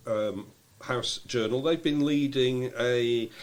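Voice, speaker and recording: A man's voice: mid-range voice, slow pace. Dry British man co-hosting a podcast. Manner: dry, reads listener letters and quotes aloud. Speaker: podcast co-host. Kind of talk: casual comedic chat.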